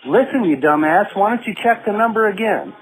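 A man's voice: high-pitched, fairly quick, poor audio. A man taking a prank call, furious and swearing, with biting sarcasm.

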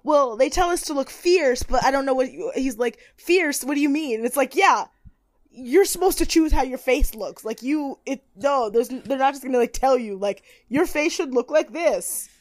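A young woman co-hosting a casual recap chat, animated, acting out quotes in high voices and swearing freely. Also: normal speed, no room sound. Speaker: podcast co-host.

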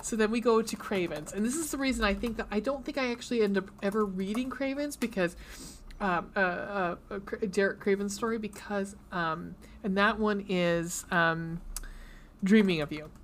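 A woman's voice: mid-range voice, normal speed, a little hiss or hum. A woman co-hosting a podcast, chatting casually and gushing about books, swearing freely. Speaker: podcast co-host.

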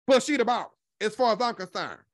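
A man hosting a gossip commentary show, talking loudly and brashly with constant profanity. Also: sits high, lively intonation, fairly quick, dry recording, studio quality. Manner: loud, brash, heavily profane.

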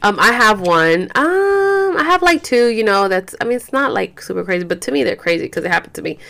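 This podcast host is a woman whose medium-pitched, creaky, slightly bright voice moves briskly with big pitch swings. Her casual chat wanders, she's tired and yawning, and she peppers it with "like," "you guys," and the odd swear.

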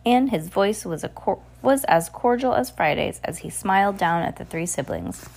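A woman's voice: medium pitch, animated, moderate pace, gravelly, darkish tone. A woman reading a novel aloud in an unpolished way, restarting words as she goes. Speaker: reader.

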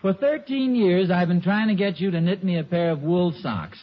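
A man's voice: high-pitched, lively intonation, normal speed. A man playing an easygoing middle-aged husband and father in a 1950s radio sitcom, stammering and sheepish, on a dull old radio recording.

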